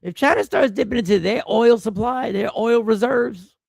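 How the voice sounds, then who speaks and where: A man with a very high, gravelly, slightly mellow voice talks at normal speed in a clean, studio-quality recording with no room sound. Stuffed up from a cold, he hosts a casual live stream, riffing, repeating himself, and greeting viewers by name.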